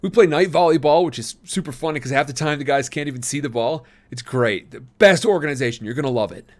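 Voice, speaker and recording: A man's voice: a little high, animated, fast talker, voice pushed up, lightly acted. A man doing an overeager, salesy teen brother. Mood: enthusiastic. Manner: enthusiastic and salesy. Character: overeager, friendly teenage older brother.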